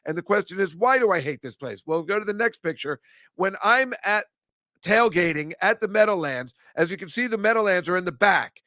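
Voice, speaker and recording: A man's voice: sits high, lively intonation, brisk, sharp tone, no room sound, clean studio sound. An older man, hosting a casual chat show and ranting with self-mocking asides. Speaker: host. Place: comedy club studio.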